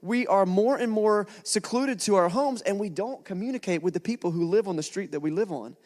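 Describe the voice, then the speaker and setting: Pastor guy preaching in a big echoey church, kinda high voice, acts out the quotes. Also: a little fast. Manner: storytelling with lively acted quotes. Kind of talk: sermon. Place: church hall. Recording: long church hall reverb.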